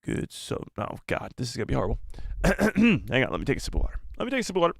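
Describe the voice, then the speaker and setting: Gravelly, joking live-stream host. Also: male voice, medium pitch, huge pitch swings, racing, no echo. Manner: self-deprecating, jokey and rambling. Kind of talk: casual live-stream chat reading viewer messages. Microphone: close desk microphone.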